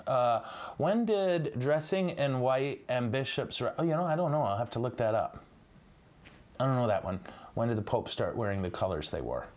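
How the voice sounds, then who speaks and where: A man's voice: mid-range voice, lively intonation, moderate pace, a little mellow. A man, a priest, giving a livestreamed teaching in a chatty, joking, digressive way. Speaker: priest teaching church history.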